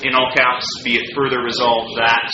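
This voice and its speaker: A man's voice: medium pitch, little pitch movement, normal speed. A man chairing a student council meeting, procedural with many fillers and restarts. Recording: roomy, dull, noisy meeting room.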